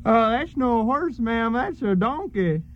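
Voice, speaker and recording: A man's voice: extremely high pitch, lively intonation, slow pace, a little hiss or hum, exaggerated voice. Man doing a drawling country yokel guard, easygoing, lo-fi radio sound. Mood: folksy. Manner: drawling country hick talk. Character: folksy rural male guard, easygoing and helpful. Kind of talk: radio comedy acting. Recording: dull lo-fi radio recording.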